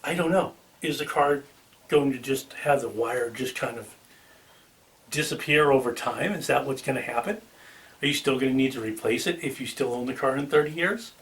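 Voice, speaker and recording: A man's voice: mid-range voice, moderate pace, a bit bright, recorded from a distance. A man with a Boston accent hosting a car channel, talking casually to the camera with ums and restarts. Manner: chatty, with filler ums and restarts.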